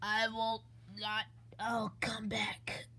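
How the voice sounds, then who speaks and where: A woman voicing a menacing nightmare fox monster in an amateur animated video, speaking in low, threatening taunts. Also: very slow, slight background noise, full character voice. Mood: sullen.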